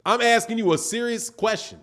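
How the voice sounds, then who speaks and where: Very high-pitched and brisk, a boxing channel host goes through viewer chats during a live stream. He's animated and argumentative, making his point through a string of rhetorical questions.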